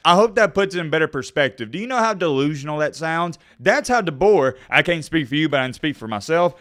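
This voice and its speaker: A man's voice: a little high, animated, fast, few pauses, fairly bright tone. A man ranting sarcastically and directly to viewers in sports commentary. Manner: heated, sarcastic, talks straight to viewers.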